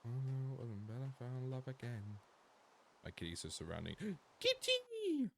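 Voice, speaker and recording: An Australian gamer chats with his stream viewers at a moderate pace, his voice carrying vocal fry. He swears freely and shifts from low mumbles to sudden outbursts, over slight background noise.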